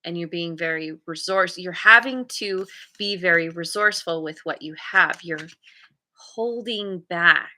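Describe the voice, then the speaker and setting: A woman's voice: lowish voice, measured pace, pushed and bright, a little hiss or hum. A woman giving a casual tarot reading, thoughtfully searching for words as she reads the cards aloud. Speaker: tarot reader.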